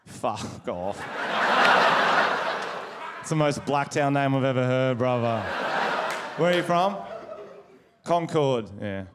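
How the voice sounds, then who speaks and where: A man's voice: medium pitch, lively intonation, slow pace, pauses often. A man with an Australian accent doing crude, brash stand-up comedy and crowd work on a stage before a live audience. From Wollongong, Australia. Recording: live show with audience noise.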